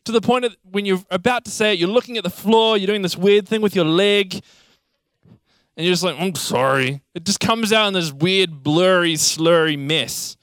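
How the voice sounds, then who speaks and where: A young man preaching a sermon, telling childhood stories in a lively, animated way. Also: sits high, normal speed, clear, resonant tone, no room sound, clean studio sound. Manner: animated storytelling, acts out childhood scenes. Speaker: pastor.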